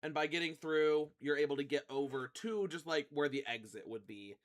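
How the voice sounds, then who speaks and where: Guy dming a tabletop game, kinda high voice, lots of likes, teasing the players. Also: normal speed. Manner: casual, filler-heavy, teasing. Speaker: game master.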